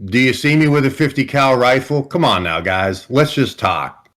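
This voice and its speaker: A man's voice: medium pitch, normal speed, a bit bright, close to an everyday voice. A man voicing an earnest adult male survivor in a tabletop game, making a blunt, persuasive plea for peace.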